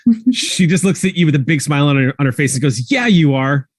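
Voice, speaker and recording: A man narrating a tabletop game as game master, relaxed and full of fillers. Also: on the high side, quick pace, no echo.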